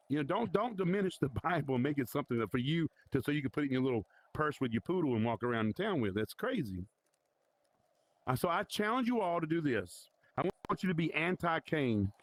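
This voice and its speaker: A man's voice: on the high side, no echo. A man leading an informal Bible study in a virtual reality church, talking conversationally and challenging his listeners.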